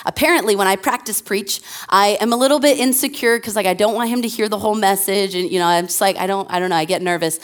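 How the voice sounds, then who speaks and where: A woman's voice: medium pitch, fast talker, hardly any pauses. A young woman pastor preaching from a church stage, talking casually into a handheld mic. She tells funny everyday stories in a loose, chatty way, full of fillers and asides, before easing into scripture. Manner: chatty, self-deprecating storytelling with fillers. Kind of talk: conversational sermon.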